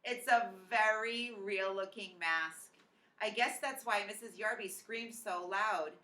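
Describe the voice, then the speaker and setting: A woman's voice: mid-range voice, takes it slowly, sharp tone, distant mic. Woman reading a storybook aloud, echoey. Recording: echoey room, off-mic.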